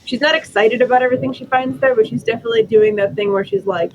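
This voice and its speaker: A player in a tabletop game, talking casually in a halting way while thinking aloud. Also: mid-range voice, steady tone, dull audio.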